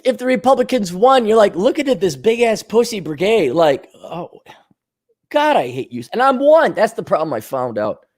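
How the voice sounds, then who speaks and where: A middle-aged Minnesota man hosts a podcast, delivering a casual monologue full of ranting, swearing and mocking, sarcastic impressions. His high voice swoops wildly in pitch, a little slow and a little mellow.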